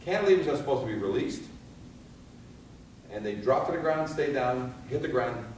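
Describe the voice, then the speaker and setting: A man giving a fire safety seminar, animated and firing rhetorical questions at his audience, recorded in a seminar room. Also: medium pitch, normal speed, a little hiss or hum. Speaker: fire escape safety instructor. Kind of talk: seminar lecture. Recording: echoey hall from far off.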